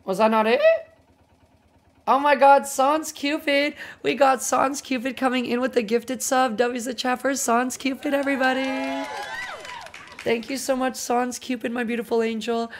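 A woman streamer chatting casually while gaming, excitable, swearing freely and gushing thanks to her viewers. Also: high voice, moderate pace. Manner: excitable, swears a lot, gushes over viewers. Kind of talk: casual game livestream chatter.

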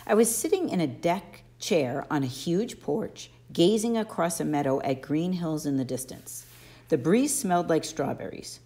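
A woman narrating an audiobook in an expressive first-person storytelling manner. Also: low voice, normal speed. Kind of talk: audiobook reading.

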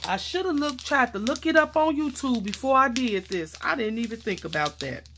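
A woman vlogging casually while mounting stamps, chatty and excitable, calling viewers y'all and honey, and dropping to quiet murmurs as she works. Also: a little high, moderate pace, slight background noise. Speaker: crafting vlogger. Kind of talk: casual chat while crafting.

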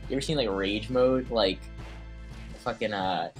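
A young man casually commentating a computer fighting game tournament, excitable and slangy, swearing often. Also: fairly low pitch, unhurried, faint music behind. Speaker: stream commentator.

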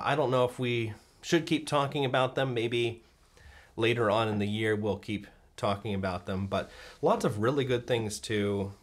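A man hosting a talk on everyday spirituality, speaking thoughtfully with frequent fillers and restarts. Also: on the low side. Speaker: host. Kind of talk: casual talk to camera on faith.

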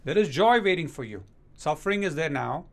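A man preaching a sermon as pastor, speaking emphatically and slowing down to read scripture verses aloud. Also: on the high side, lively intonation.

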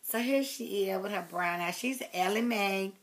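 Talking to camera at a moderate pace, this doll collector meanders affectionately from one thought to the next. She often lowers her voice to soft murmurs while fussing with whatever she's holding.

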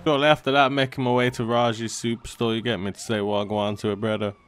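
A young man giving gameplay commentary, loud, swearing often and full of street slang. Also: medium pitch, little pitch movement, fast, clear, resonant tone. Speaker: gaming YouTuber.

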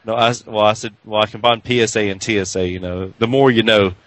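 A man's voice: lowish voice, steady tone, fast, a bit bright, no room sound, rough recording. A man from New Jersey co-hosting a wrestling radio show, brash and loose in casual banter. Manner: brash, trash-talking, loose. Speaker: co-host.

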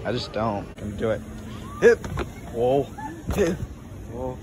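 A man giving casual, excitable commentary as he explores a game and jokes along the way. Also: lowish voice, normal speed. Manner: chatty, excitable, jokey narration while exploring. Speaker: gaming vlogger. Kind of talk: casual let's-play commentary. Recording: noticeable background noise.

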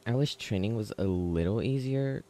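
Gushing deep-voiced man, gravelly and slow. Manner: gushing and excitable, with frequent gasps. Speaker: gaming video creator. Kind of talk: casual gameplay commentary.

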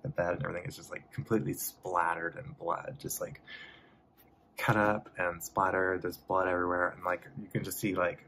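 A man giving a soft-spoken, rambling ASMR movie recap from memory, full of "like" and "um". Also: sits low, creaky, a little hiss or hum. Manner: rambling, lots of "like" and "um", laughs between lines. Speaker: host.

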